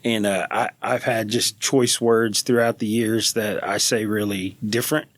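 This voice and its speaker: A middle-aged man from South Louisiana with a Cajun accent, a pastor chatting as a podcast guest and telling animated stories. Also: on the low side, a little slow, no echo. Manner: animated storyteller with frequent restarts. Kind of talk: conversational podcast interview.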